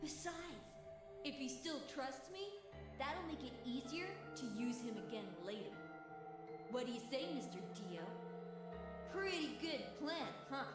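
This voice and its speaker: A young boy's voice, very high and slow-spoken, performed by a woman for a video game. He sounds indignant and whiny, with game music behind him. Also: animated. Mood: scheming. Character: young boy, pleading then furious. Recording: game audio with music; echoey playback.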